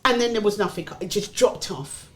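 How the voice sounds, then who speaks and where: Animated middle-aged British comedian woman. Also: medium pitch, normal speed, soft background music. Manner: animated storyteller who acts out quoted voices. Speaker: comedian guest. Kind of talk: casual chat.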